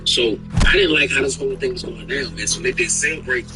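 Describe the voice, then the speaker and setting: A man's voice: mid-range voice, fast talker, recorded from a distance, over music, low-quality recording. A man streaming, telling a long story in casual chat and acting out the people in it. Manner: animated, acts out quoted people in raised voices.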